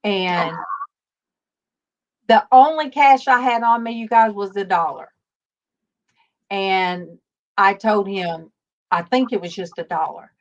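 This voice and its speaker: A woman hosting a casual faith-based livestream, telling stories slowly with many fillers over a video call. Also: mid-range voice. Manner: rambling, warm storytelling with many fillers. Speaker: livestream host. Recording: dull lo-fi stream audio.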